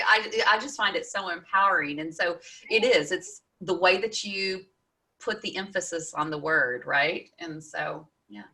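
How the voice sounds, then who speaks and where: An enthusiastic woman hosting a relaxed interview, cheering her guest on as she talks. Her voice sits a little low yet comes across bright and forward. She keeps the chat lively and warm in tone. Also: measured pace. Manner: enthusiastic, chatty, encouraging. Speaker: podcast host.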